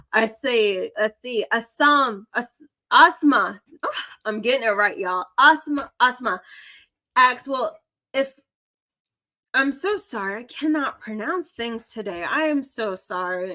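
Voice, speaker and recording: A woman's voice: mid-range voice, pushed and bright, low-quality recording. A young woman with a light Southern drawl, chatting and giggling as she gives tarot readings on a live stream. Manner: chatty, giggly, self-deprecating. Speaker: psychic reader.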